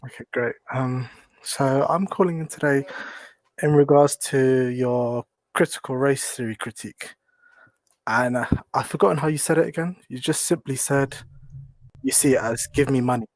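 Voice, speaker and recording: A man's voice: mid-range voice, moderate pace, no room sound. A man from London with a London British accent, calling in to a show and talking politely but hesitantly, often restarting his sentences. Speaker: caller. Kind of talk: phone-in call.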